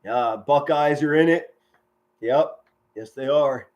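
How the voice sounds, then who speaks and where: A middle-aged man giving excited live football play-by-play from home, shouting big plays and chatting warmly with his viewers. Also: a little high, slow, muffled recording. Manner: enthusiastic, yells touchdown calls, chatty and sentimental with viewers. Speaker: amateur play-by-play commentator streaming live.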